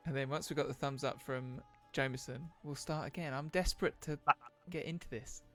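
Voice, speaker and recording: A man's voice: medium pitch, fairly even intonation, fairly quick, faint music behind. A man narrating a tabletop game livestream as game master, hesitant and self-deprecating, with lots of fillers.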